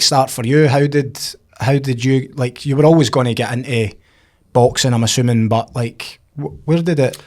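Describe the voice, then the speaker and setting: A man with a Scottish accent hosting a podcast, asking loose, friendly questions with fillers. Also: medium pitch. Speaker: podcast host. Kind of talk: casual interview.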